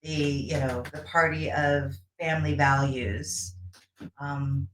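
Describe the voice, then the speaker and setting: A panelist in a political discussion, speaking hesitantly with many pauses. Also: mid-range voice, steady tone, a bit bright. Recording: echoey room with faint noise.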